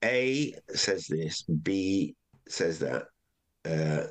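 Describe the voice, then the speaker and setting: An older man, a comedian guest, telling rambling anecdotes in relaxed chat, often acting out what others said. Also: sits low, drawn-out words. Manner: rambling, with many restarts and acted quotes.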